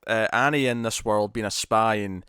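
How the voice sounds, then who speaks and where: A man co-hosting a casual review chat, animated, with many quick restarts and repeated words. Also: on the low side, clear, resonant tone, no room sound, studio quality. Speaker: podcast co-host.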